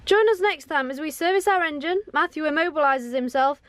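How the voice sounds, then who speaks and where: A woman's voice: high voice, a little fast, a bit bright. A woman co-hosting a sailing vlog, chatting casually and teasing her partner while she films outdoors. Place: outdoors in a harbour town and on a marina pontoon.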